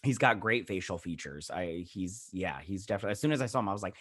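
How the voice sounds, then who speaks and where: A man's voice: sits low, expressive, fast talker, a bit bright, no echo, clean studio sound. A man hosting a casual episode review vlog, recapping scenes in a rambling way and acting out the characters' lines. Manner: frequent restarts and "he's all like". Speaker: show host reviewing a TV episode.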